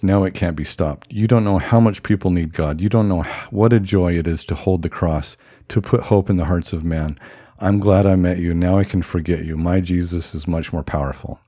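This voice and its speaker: A man's voice: low-pitched, dark tone, no echo, studio quality. A man voicing a fervent, defiant male apostle who preaches emphatically, read aloud from a film scene.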